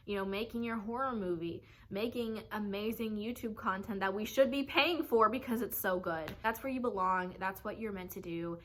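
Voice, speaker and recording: Young woman, bright clear voice, emotional and gushing, swears a bit. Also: medium pitch, a little hiss or hum. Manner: heartfelt, gushing, swears casually. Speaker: fan sending a tribute message. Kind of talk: emotional direct-to-camera tribute.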